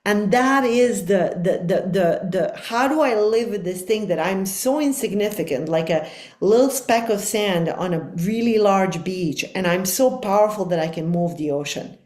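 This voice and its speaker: A woman's voice: mid-range voice, lively intonation, moderate pace, darkish tone, reverberant. A middle-aged woman speaking as a life coach guest on a podcast, talking in an earnest, reflective and emphatic way. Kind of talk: podcast conversation.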